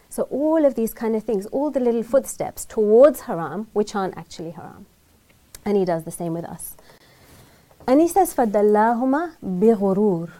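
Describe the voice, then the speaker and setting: Woman teacher, mellow warm tone; chatty Quran lesson, quick Arabic recitation, frequent "right?" check-ins. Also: fairly high pitch. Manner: conversational, often checks in with "right?"; recites Arabic verses quickly, then explains in English. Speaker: Islamic teacher. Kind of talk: religious lesson on Quran verses.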